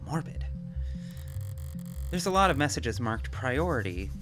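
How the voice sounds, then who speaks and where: Man with a lively, wry voice. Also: medium pitch, unhurried, over music. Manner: dry, wry remarks. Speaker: player reading game text. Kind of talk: casual chat among friends.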